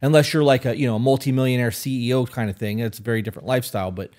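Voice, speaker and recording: A man's voice: mid-range voice, fairly even intonation, rapid-fire, a little mellow. A man co-hosting a podcast, talking bluntly and opinionated, with frequent swearing. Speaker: podcast co-host. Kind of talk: casual opinionated chat.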